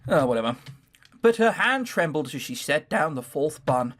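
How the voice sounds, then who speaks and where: A man's voice: on the high side, very animated, normal speed, fairly bright tone. A man hosting a let's play, reading a visual novel aloud with sardonic, swearing asides.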